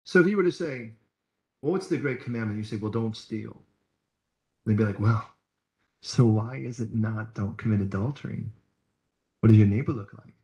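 A man's voice: fairly low pitch, a little mellow, roomy sound, poor audio. A man preaching a sermon as pastor, talking in a conversational, storytelling way. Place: church hall.

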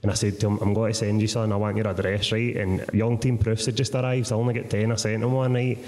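A Scottish man who is a guest author, telling animated, sweary stories and asking "right?" a lot in a live podcast conversation on a theatre stage. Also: on the low side, fast. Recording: reverberant theatre hall.

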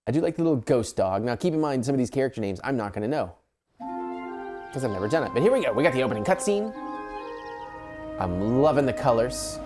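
A man's voice: mid-range voice, sing-song, brisk, pauses often. A man hosting a let's play, chatting casually and rambling while keeping his voice down late at night, with frequent laughs. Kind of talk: casual gameplay commentary. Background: video game music.

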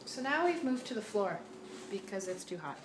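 A woman's voice: medium pitch, big pitch swings, moderate pace. A woman co-hosting a vlog, chatting casually and reading viewer comments aloud. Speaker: vlog co-host. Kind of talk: casual chat. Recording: echoey room, camera at a distance, noisy.

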